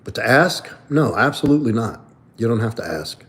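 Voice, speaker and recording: A man's voice: mid-range voice, lively intonation, brisk, a bit bright. Blunt, profane man streaming live. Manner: blunt, profane, reads and answers chat. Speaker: livestream host and coach. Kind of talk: casual livestream chat.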